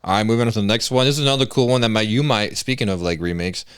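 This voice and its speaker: Laid-back man with a crisp, dry voice. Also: fairly low pitch, racing, no echo. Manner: laid-back, says "like" and "bro" often. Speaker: podcast host reading news items. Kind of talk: casual chat.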